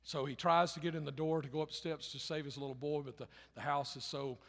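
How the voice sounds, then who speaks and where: A pastor preaching a sermon in a conversational way, rising loud for emphasis and dropping quiet and low, repeating phrases. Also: male voice, steady tone, fairly quick, vocal fry. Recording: long hall reverb.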